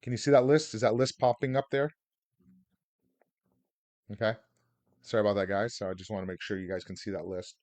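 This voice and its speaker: A man's voice: on the low side, fairly even intonation, brisk, pauses often, darkish tone, no echo. A man teaching real estate deals on a video call, rambling through stories with plenty of filler words. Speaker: real estate investor teaching seller financing. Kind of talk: casual webinar talk.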